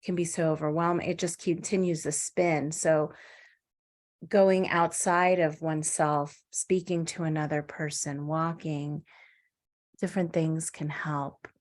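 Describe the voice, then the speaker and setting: Lower-voiced woman sharing thoughtfully. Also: steady tone. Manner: thoughtful, halting, trails off softly. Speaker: participant sharing. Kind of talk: casual sharing.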